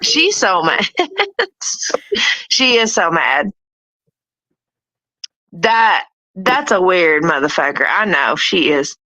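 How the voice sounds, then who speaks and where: A woman's voice: fairly low pitch, expressive, slow pace, pauses often, pushed and bright, no echo, low-quality recording. A woman hosting a casual livestream, taunting and cursing at people in her chat. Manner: taunting, profane, laughing at chat. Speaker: livestream host.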